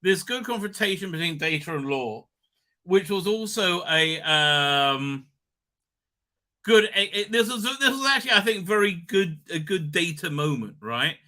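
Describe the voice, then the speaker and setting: A man's voice: sits high, expressive, unhurried, pushed and bright. A man hosting a casual live recap stream, rambling with lots of fillers and cheerful swearing.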